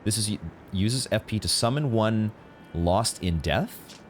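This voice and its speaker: Gamer host, low voice with big swings in pitch, narrates his play with excitable swearing; steady background noise. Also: takes it slowly. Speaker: gaming channel host. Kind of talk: live gameplay commentary.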